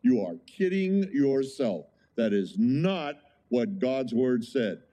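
A male preacher delivering a sermon in a mellow, warm voice at a medium pitch. He speaks with emphasis and in a conversational way, often checking in with the congregation through rhetorical questions. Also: very animated, slow. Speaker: pastor.

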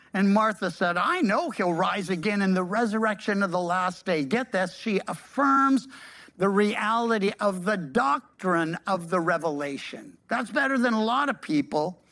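A pastor delivering a sermon in a mid-range voice, reading scripture aloud and then stepping out of the text. The asides are lively and slangy, addressed straight to the listeners. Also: medium pitch.

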